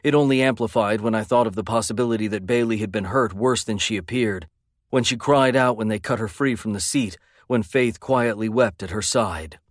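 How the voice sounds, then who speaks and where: A man's voice: on the low side, no room sound, clean studio sound. A man narrating a first-person romance audiobook in an intense, brooding way.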